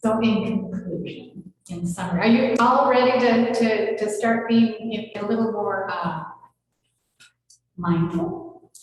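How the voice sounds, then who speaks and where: A woman's voice: mid-range voice, slow pace, slight background noise. A woman minister giving a conversational sermon, chatty and playful, often laughing and speaking straight to her congregation. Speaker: senior minister. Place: large hall of a spiritual center. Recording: echoey hall with long reverb.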